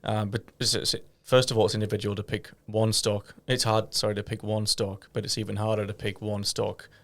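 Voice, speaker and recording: Male co-host, low gravelly voice, flat and measured delivery. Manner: measured explaining, brief agreeing murmurs. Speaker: podcast co-host. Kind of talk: casual investing chat.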